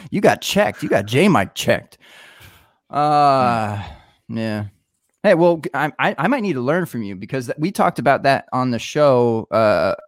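A man's voice: medium pitch, no echo, studio quality. A man co-hosting a podcast, joking and rambling in casual chat. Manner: laid-back, joking, rambling. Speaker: podcast co-host.

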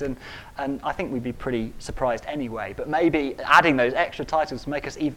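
A man preaching a sermon, stressing key words by repeating them and rising to loud peaks. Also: on the high side.

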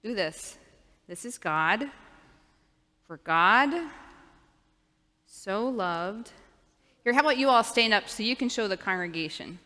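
Slow, bright-voiced woman leading children. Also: mid-range voice, expressive. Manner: patient, coaching children to repeat after her. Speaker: children's minister. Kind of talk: children's sermon. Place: church sanctuary. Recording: long reverb of a church hall.

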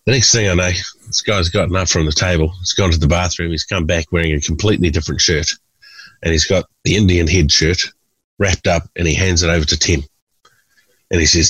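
Deep husky guy in his 40s spinning comic stories, puts on voices, dry close sound. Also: moderate pace, no echo, poor audio. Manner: animated storyteller who mimics people in raised voices. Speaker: podcast guest, comedian. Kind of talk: storytelling anecdotes.

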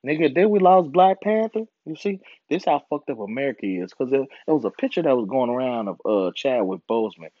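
A man's voice: mid-range voice, animated, a little fast, hardly any pauses, no echo. A young man ranting casually and with lots of profanity, often mocking people in put-on voices. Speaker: podcast host. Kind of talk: casual monologue. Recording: dull lo-fi sound, dry.

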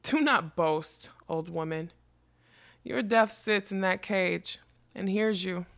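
A woman reading a storybook, voicing a proud, gentle female unicorn who speaks slowly and gravely. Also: medium pitch, no echo.

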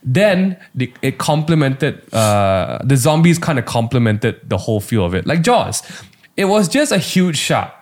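A man's voice: mid-range voice, sing-song, a little slow. A man co-hosting a podcast in casual chat, rambling with lots of fillers. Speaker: podcast co-host.

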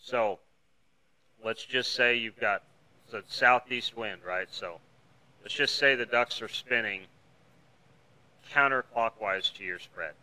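Bright, clear-voiced man explaining patiently. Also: medium pitch, slow pace, pauses often, poor audio. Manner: explanatory, conversational, uses everyday analogies. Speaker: podcast host teaching duck calling. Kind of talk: solo instructional podcast talk. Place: indoors, talking to a camera.

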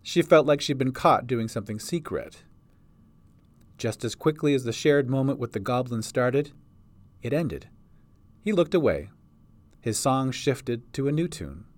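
Lively male storybook narrator. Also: mid-range voice, measured pace, long pauses. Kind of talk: audiobook narration.

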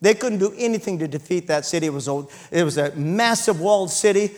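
A man's voice: sits high, fairly quick. A man preaching a sermon, retelling scripture and calling out for amens from the congregation. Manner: animated preaching, calls for amens and shouts. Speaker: pastor.

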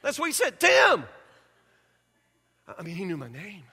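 A man preaching a sermon as pastor, telling a personal story in an animated way and acting out scenes, speaking in a church sanctuary. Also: high-pitched, fast. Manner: animated storyteller, acts out scenes, drops to quiet intensity. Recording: reverberant hall.

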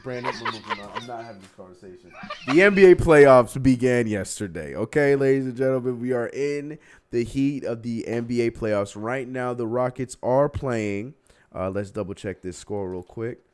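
A man's voice: mid-range voice, moderate pace, darkish tone. A young man hosting a casual basketball livestream, ranting heatedly and laughing at himself. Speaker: livestream host. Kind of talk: casual sports talk livestream.

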